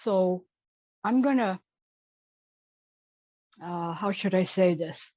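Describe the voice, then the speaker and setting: A woman's voice: on the low side, slow pace, dark tone, no echo, dull audio. A woman speaking bluntly and outspokenly on a casual group call.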